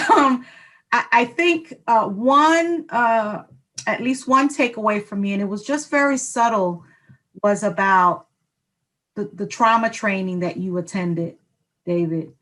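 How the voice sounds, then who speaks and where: A woman's voice: mid-range voice, measured pace, rough recording. Emotional woman from New York. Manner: emotional, with soft laughs. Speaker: podcast co-host, former educator. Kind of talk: casual podcast chat.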